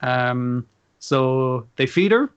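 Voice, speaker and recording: A man giving a casual, rambling recap of a show episode, with plenty of swearing and quick asides. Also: medium pitch, animated, clean tone, lo-fi sound.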